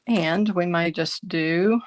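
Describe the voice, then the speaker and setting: A middle-aged woman, raspy from bronchitis, chatting through a card-making tutorial as she works. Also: fairly low pitch, takes it slowly. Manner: chatty, thinking aloud while working. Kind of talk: casual craft tutorial.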